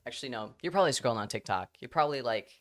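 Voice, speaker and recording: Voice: mid-range voice, animated, racing, a bit bright. A live streamer chatting casually with their audience, rambling, laughing often and swearing freely.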